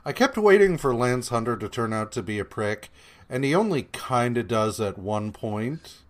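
A man's voice: mid-range voice, lively intonation, moderate pace. A man co-hosting a podcast, recapping comic issues in casual chat with lots of fillers, swearing and sarcastic paraphrases of the characters. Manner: meandering, profane, many fillers and hesitations. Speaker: podcast co-host.

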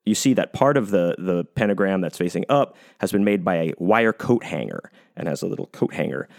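A man's voice: sits low, animated, fairly quick, vocal fry. A man hosting a podcast on his own, talking casually and rambling, with lots of swearing and fillers. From United States. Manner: rambling, profane, many fillers and restarts. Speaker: podcast host. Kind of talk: casual solo podcast monologue.

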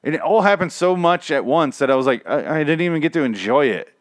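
A man's voice: fairly high pitch, animated, brisk, no room sound. A young man hosting a casual solo show, recapping a TV episode in a rambling, profane, griping way with many restarts. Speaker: podcast host recapping a TV episode.

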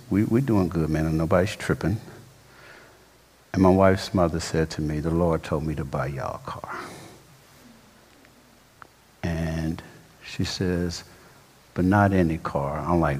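A pastor tells a story from the pulpit in a loose, slangy, animated way. His voice sits very low with a husky edge, and it rings through a reverberant church hall. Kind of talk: sermon storytelling.

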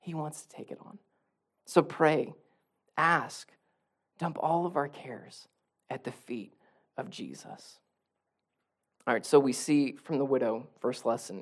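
Preaching in a medium-pitched voice, this male pastor swings from soft, almost whispered lines to loud emphatic outbursts, repeating phrases to drive points home.

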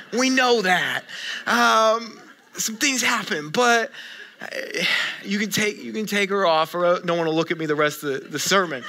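A man preaching a conversational sermon in church, telling stories in an animated way with frequent restarts. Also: sits high. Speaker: pastor. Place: church sanctuary.

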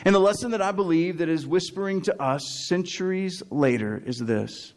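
A male pastor with a noticeably high-pitched voice delivers a sermon. He tells the story with animated energy, acting out characters. He chuckles often and repeats lines for emphasis. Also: normal speed.

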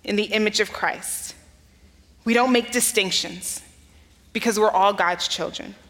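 A woman's voice: medium pitch, a little slow, fairly bright tone. Woman pastor preaching in a reverberant hall. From United States. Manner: earnest storytelling, rising emphasis on key phrases. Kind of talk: sermon.

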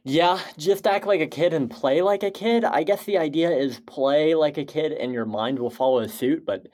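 A man's voice: on the high side, normal speed, a little mellow. A man co-hosting a podcast, discussing films in a casual, joking way. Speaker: podcast co-host.

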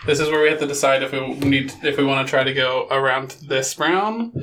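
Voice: medium pitch, fairly quick, a bit bright, slight background noise. A player in a tabletop role-playing game, cautious and planning the group's route.

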